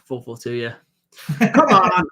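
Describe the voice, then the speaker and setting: A man's voice: sits high, a little slow. A man with a Birmingham accent hosting a live football reaction stream, chatting casually and cheering his team on. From Birmingham, England. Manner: excitable, cheers the team on and laughs often. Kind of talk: casual live match commentary and chat.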